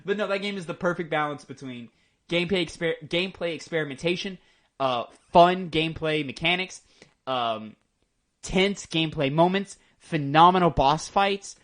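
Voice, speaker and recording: A young man co-hosts a casual gaming podcast, enthusiastic and rambling, with plenty of ums and likes. His voice is fairly high and a bit bright, at a moderate pace.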